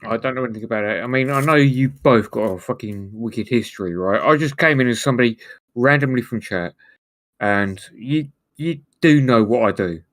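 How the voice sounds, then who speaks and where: A man's voice: mid-range voice, moderate pace, dry recording. A man with a British accent hosting a casual stream chat, swearing freely and joking around. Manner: profane, joking, mocking.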